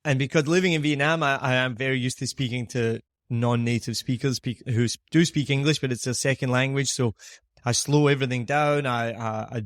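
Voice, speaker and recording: A man's voice: medium pitch, steady tone, brisk, no echo, clean studio sound. A man with a Scottish accent, a podcast host, chatting casually and telling anecdotes with frequent laughter. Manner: chatty storyteller, laughs often.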